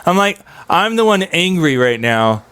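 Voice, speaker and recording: A man's voice: high voice, big pitch swings, a little slow, fairly bright tone, clean tone, no echo. A young man streaming, venting in an agitated, profane, rambling monologue.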